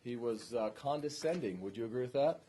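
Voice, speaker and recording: A man's voice: medium pitch, expressive, a little fast, dark tone. A man teaching a police training class, speaking informally and often checking in with the room.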